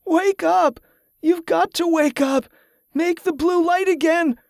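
A man's voice: slow pace, creaky, sharp tone, no room sound, clean studio sound, heavily acted. A man doing a delirious wounded man crying out. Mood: wailing. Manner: high strained cries.

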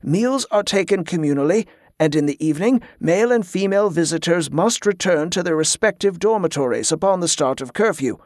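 A stately monk gatekeeper, as a male reader puts him on, reciting rules in a measured, ceremonious manner. The voice sits a little high and sounds close and dry, with no room around it. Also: expressive, a little mellow, no echo, natural voice. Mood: formal.

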